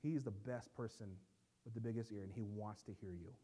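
A man preaching as a pastor, swinging between soft low asides and loud emphatic lines, in a church. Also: brisk, slightly rough. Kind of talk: sermon. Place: church sanctuary.

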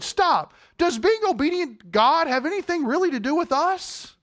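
A man's voice: extremely high pitch, expressive, normal speed, few pauses, a bit bright. A man preaching a sermon as pastor, emphatic and full of rhetorical questions.

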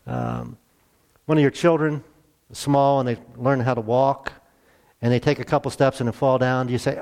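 A man's voice: mid-range voice, lively intonation, normal speed, creaky, a little mellow. A man preaching a conversational sermon as a pastor, speaking plainly and often restarting and repeating his words.

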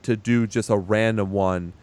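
A man's voice: fairly low pitch, fairly even intonation, unhurried, a little mellow, dry recording. A man hosting a casual podcast, joking around and laughing often with his co-hosts. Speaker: podcast host. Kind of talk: casual chat.

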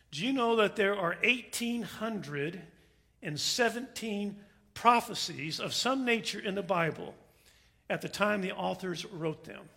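A man's voice: sits high, creaky, pushed and bright. A man preaching a sermon, opening with a joke and then speaking in an earnest, emphatic way. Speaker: pastor.

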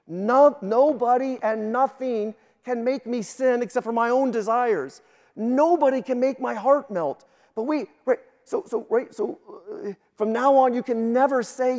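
A man delivers a sermon in a high-pitched voice, pressing his points with emphatic force and stuttered restarts. His words ring out with a long reverb, as if in a large church hall. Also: normal speed, a little mellow. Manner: emphatic preaching, repeats words when starting sentences. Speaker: guest pastor.

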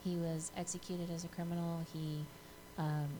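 A woman from the audience asking a question, halting, with many ums and restarts. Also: on the low side, level tone, mellow, a little hiss or hum, low-quality recording.

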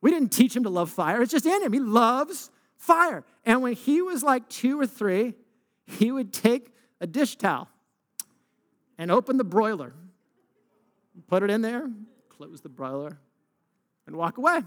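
A man preaching a sermon in a lively, conversational way, asking his listeners questions as he goes. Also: very high voice, unhurried, pauses often, in a large hall. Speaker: pastor.

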